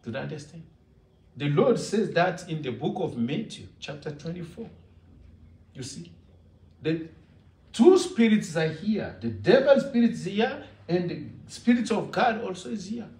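A man preaches slowly in a high, lively voice. He leans on emphatic, repeated phrases. The sound is roomy and echoey, and he is well back from the mic. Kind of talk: sermon. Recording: echoey room, from far off.

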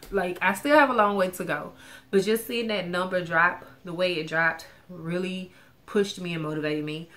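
A woman talks in a candid, chatty way to camera, often restarting her sentences. Her voice sits a little low but has a bright, forceful edge. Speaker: vlogger sharing her budget. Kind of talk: casual chat to camera.

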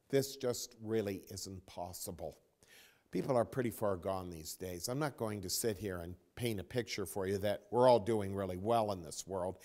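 A man giving a spiritual talk as a teacher, telling a story with dramatic pauses and dropping to a near whisper. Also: on the low side, a little mellow. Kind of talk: spoken dharma talk.

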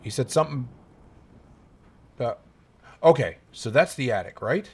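Jumpy, husky-voiced young man gaming. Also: medium pitch. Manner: jumpy, nervous, talks to himself, yelps when startled. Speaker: gaming YouTuber. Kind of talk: horror game let's play commentary.

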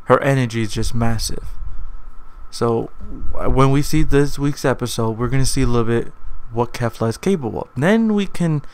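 Recorded roughly, a man hosts his own anime video, speaking at medium pitch and a moderate pace. The commentary is casual and rambling, full of self-corrections and repetition.

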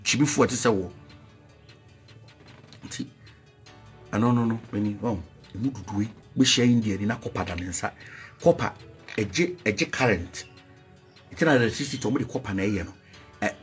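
A man with a Ghanaian accent, a spiritual leader preaching and promoting his products, singing out phrases and swinging from loud shouts to low murmurs.

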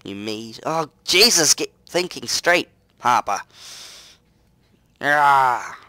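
Man, young, let's play commentary, close mic, mutters then shouts, mid-pitched voice. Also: slow, no room sound. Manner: excitable, muttering to himself between loud outbursts. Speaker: gaming commentator. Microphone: close desk mic.

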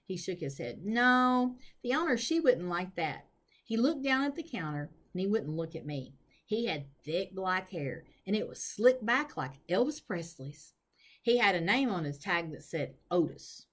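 A woman reading a children's novel aloud in an expressive, storytelling manner. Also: lowish voice, normal speed. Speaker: reader.

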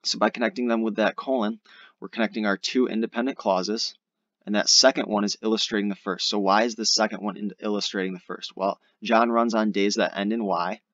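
Young male tutor, low voice, relaxed explainer, dry muffled mic. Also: a little fast, no room sound. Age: young adult. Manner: casual, explanatory, uses fillers like "all right". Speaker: SAT tutor. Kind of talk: screen-recorded grammar lesson.

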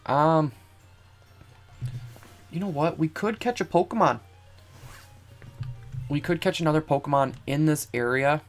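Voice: mid-range voice, unhurried, pauses often, faint music behind. A young adult streamer chatting casually over gameplay, rambling from thought to thought and giggling often. The talk is loose and self-amused, full of little asides. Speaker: let's play streamer. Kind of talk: casual game commentary.

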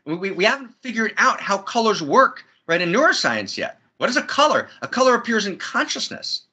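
Guy gushing about love on a video call, super bright husky voice, swoops up and down a lot. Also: high-pitched, big pitch swings, a little fast. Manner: effusive, builds to soaring emphatic peaks. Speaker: interview guest. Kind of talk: spiritual conversation. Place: friend's house, indoors.

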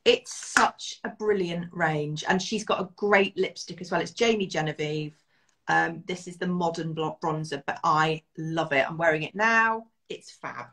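A woman's voice: deep voice, a little slow, fairly bright tone. A middle-aged British woman, a guest in a casual beauty chat, enthusiastic and self-deprecating, laughing often.

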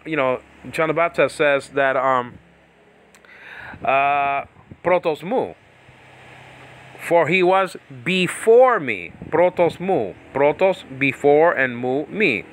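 A man's voice: fairly high pitch, animated, slow pace. A man teaching Bible Greek in a loose, rambling way, breaking off into tangents and laughing. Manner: rambling, self-interrupting, laughs often. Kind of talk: casual teaching talk with tangents.

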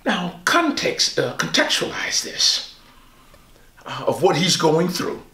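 A male pastor teaching a Bible study, swooping high on quoted lines and asking the listeners questions. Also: huge pitch swings, slow, sharp tone, reverberant.

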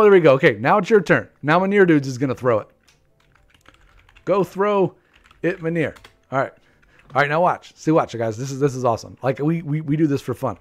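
A man commentating live gameplay for viewers, excitable, talking to his players and breaking into high shouts, with keyboard typing behind him. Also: a little fast. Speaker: game streamer.

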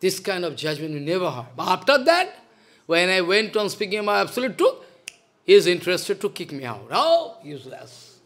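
A man's voice: high-pitched, sing-song, fairly quick, fairly bright tone. A man, a spiritual teacher giving a devotional lecture in a stern, scolding manner, repeating his points. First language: Bengali.

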